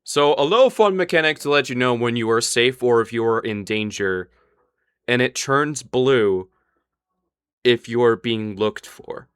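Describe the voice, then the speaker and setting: Bright-voiced young man running a tabletop game. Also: medium pitch, animated, unhurried, clean tone, no room sound, studio quality. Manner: casual, explains game rules plainly. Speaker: dungeon master.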